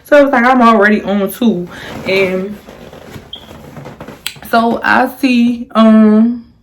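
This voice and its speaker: A young woman telling a storytime in casual chat, rambling with lots of restarts and fillers, and jumping high in pitch when she quotes herself. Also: takes it slowly, slight background noise. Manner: animated, jumps high on quoted lines. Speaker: storyteller vlogger.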